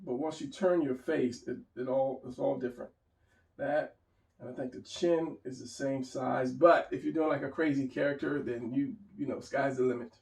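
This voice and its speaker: A man's voice: mid-range voice, fairly even intonation, moderate pace, vocal fry, a little mellow. A man giving a casual drawing lesson, rambling and restarting as he draws and talks it through. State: hiccuping. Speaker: drawing teacher. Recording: roomy, mic at a distance.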